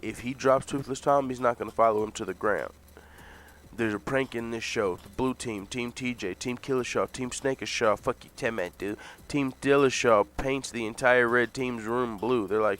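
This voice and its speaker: A man's voice: medium pitch, a bit bright. A man hosting a casual audio recap, telling the story loosely with plenty of swearing and chuckles. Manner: loose, profane storytelling, laughs at own retelling. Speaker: podcast host.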